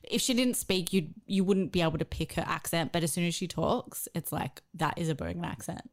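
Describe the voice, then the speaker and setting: A woman's voice: fairly low pitch, brisk. An Australian woman co-hosting a podcast in casual chat, laughing often. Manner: chatty, laughs often, drops to a whisper at times. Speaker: podcast co-host.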